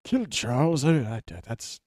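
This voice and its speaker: A man's voice: mid-range voice, sing-song, moderate pace, a little mellow, no echo, clean studio sound, close to an everyday voice. A man voicing a rambling old male ex-soldier in prison, stammering and dithering, getting overexcited. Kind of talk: tabletop role-play voicing.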